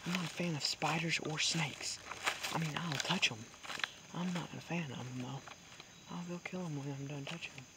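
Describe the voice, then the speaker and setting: A hunting vlogger whispers and chats to viewers while stalking in the woods, with cricket and insect noise in the background. His mid-range voice keeps a steady tone and a moderate pace.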